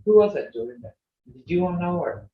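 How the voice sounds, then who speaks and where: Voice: medium pitch, expressive, fairly quick. A language teacher leading an online class, patiently repeating example phrases over and over. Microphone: video call. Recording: echoey, dull video-call audio.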